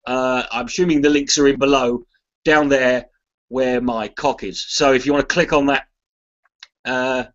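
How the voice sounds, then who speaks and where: A comedian chats loosely on a charity livestream in a medium-pitched, steady voice at a moderate pace, though the recording sounds muffled. He swears freely, pokes fun at himself and reads chat messages aloud in a rambling, casual way.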